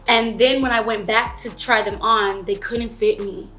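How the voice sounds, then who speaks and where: A woman's voice: on the high side, fairly even intonation, unhurried, bright, forceful tone, soft background music. A woman in her thirties telling her own story in a candid, chatty vlog, with slangy asides to the viewer. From Florida. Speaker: vlogger.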